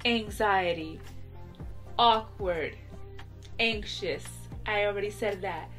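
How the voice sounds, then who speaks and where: A young woman vlogging in a casual, chatty way, often laughing and throwing in exaggerated mock retorts. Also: medium pitch. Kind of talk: casual chatty rant to camera. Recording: soft background music.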